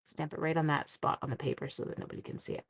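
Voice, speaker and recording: A Canadian woman with a deep, steady, creaky voice talks in rapid-fire bursts while hosting a card-making live stream. She chats casually as she crafts, greeting viewers by name and thinking aloud, with slight background noise in the recording.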